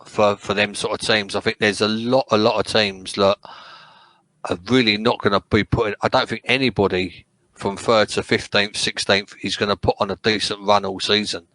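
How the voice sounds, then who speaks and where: Sweary bright-voiced English bloke. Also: male voice, lowish voice, level tone, moderate pace, no echo, rough recording. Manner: swears freely, rambling with restarts. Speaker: podcast co-host. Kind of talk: casual football chat.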